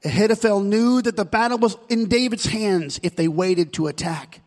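A male pastor delivering an impassioned sermon that builds to shouted calls. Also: high voice, normal speed, in a large hall.

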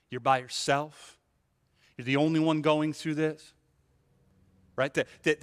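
A male pastor preaching a sermon with animated delivery, rhetorical questions and frequent "right?" asides, restarting and repeating words as he builds a point. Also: a little high. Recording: long hall reverb.

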